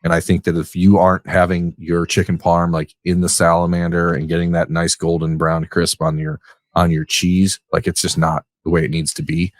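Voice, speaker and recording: A man with a low, deep voice talks casually on a podcast. He rambles and restarts his sentences, and the sound is close and dry. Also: monotone, moderate pace, dry recording. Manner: rambling, hesitant with many restarts. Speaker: podcast guest.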